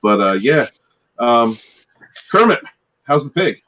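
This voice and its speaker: 40s guy guesting on a stream, super animated pitch, rambly, lots of uh and um. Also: slow pace, dull audio. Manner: rambling, laughing, stop-start with fillers. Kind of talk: casual live-stream chat.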